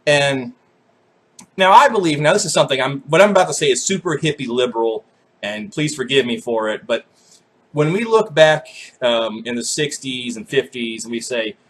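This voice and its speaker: A man's voice: mid-range voice, normal speed, slightly rough. A young man vlogging a swearing, self-mocking comedic rant straight to the camera.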